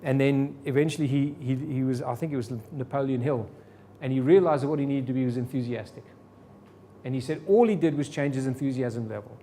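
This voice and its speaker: Man, sales trainer, live seminar, animated, rhetorical questions, mid pitch, faint rumble behind. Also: fairly quick. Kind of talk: live seminar talk to an audience. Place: meeting room with audience.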